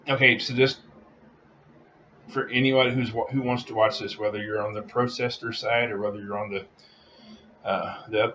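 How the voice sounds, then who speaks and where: Guy ranting to camera, heated and repeating himself, mid pitch, kinda muffled audio. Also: a bit bright, slight background noise. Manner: heated, repetitive, emphatic. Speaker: vlogger. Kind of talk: opinion rant to camera.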